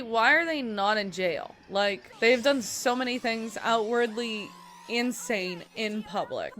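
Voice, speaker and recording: A young woman talks casually through an episode in a chatty, amused way, answering the screen as it plays. Her voice sits at an ordinary middle pitch. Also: expressive, slow, fairly bright tone. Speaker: reaction vlogger. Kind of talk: casual reaction commentary.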